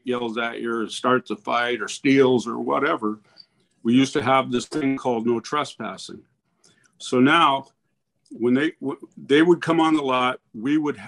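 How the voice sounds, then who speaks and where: A man's voice: medium pitch, fairly bright tone. A man who owns a local business speaks at a public meeting, rambling and worried, restarting his sentences often.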